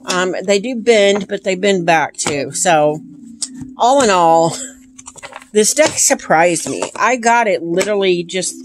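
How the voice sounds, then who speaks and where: A woman's voice: medium pitch, slow. A woman casually showing tarot decks on camera, gushing with enthusiasm between frequent ums. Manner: gushing, enthusiastic, lots of ums and repeated praise. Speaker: tarot deck collector. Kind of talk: casual show-and-tell vlog. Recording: steady background hiss with handling clicks.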